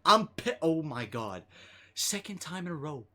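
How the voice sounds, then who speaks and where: A man streaming pack openings, pleading and swearing with bursts of shouting. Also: a little high, sing-song, measured pace.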